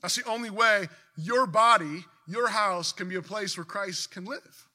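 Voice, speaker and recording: A man delivers a sermon with a very bright, ringing tone. His voice sits high for a man, and he preaches earnestly, surging into emphatic bursts and often restarting mid-sentence. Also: unhurried.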